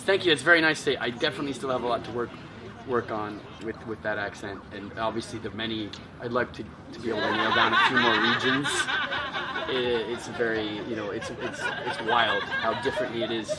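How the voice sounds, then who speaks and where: A man's voice: medium pitch, distant mic, heavy background noise. A man, a voice actor, chatting casually, rambling and correcting himself as he talks. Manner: rambling, self-correcting, laughs often. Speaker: voice actor and channel host. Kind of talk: casual chat. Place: outdoors in a busy city spot.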